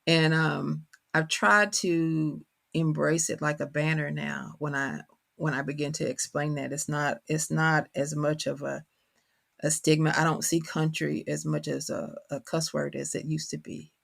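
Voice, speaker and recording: A woman's voice: sits low, flat delivery, unhurried, vocal fry. A middle-aged woman from Kentucky with a country accent, speaking thoughtfully as an author guest in a reflective interview conversation. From Kentucky, USA. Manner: thoughtful, searching for words.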